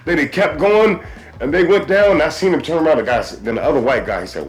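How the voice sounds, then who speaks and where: A man's voice: a little high, fast talker. A man hosting a podcast, telling stories in casual chat with many restarts and stammers. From US East Coast. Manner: animated storyteller, stammers and restarts. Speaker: podcast host.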